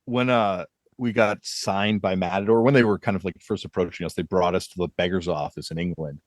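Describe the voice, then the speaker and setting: A man's voice: low voice, fairly even intonation, brisk, dry recording. A man hosting a podcast, telling rambling anecdotes in casual chat and laughing often. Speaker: podcast host.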